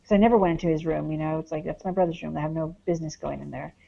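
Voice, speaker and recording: A woman with a low, mellow voice tells her experiences as a guest, rambling and filling her sentences with "like" and "um". The recording sounds dull and muffled, a little lo-fi. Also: fairly even intonation, racing, creaky. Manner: rambling, heavy on "like" and "um". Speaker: guest, paranormal investigator. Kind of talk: casual podcast chat, storytelling.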